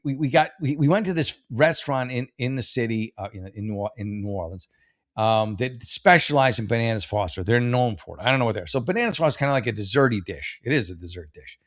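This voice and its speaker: A man's voice: mid-range voice, no echo, studio quality. A man casually reading and reacting to advice posts, rambling and sarcastic, swearing freely and restarting his sentences. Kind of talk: casual comedic commentary.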